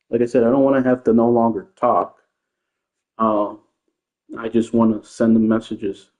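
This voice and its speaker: A man's voice: medium pitch, warm tone. Male gamer ranting, rambling and defensive, tinny phone-quality audio. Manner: rambling, defensive, repeats himself. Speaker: gaming streamer. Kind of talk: casual ranting commentary. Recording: tinny phone-like sound in an echoey room.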